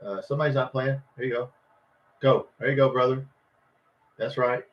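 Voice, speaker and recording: In dull, lo-fi stream audio, a man with a medium-pitched, steady voice speaks at a moderate pace. He's running a live football watch party, frustrated by each play and shouting curses at the players and referees.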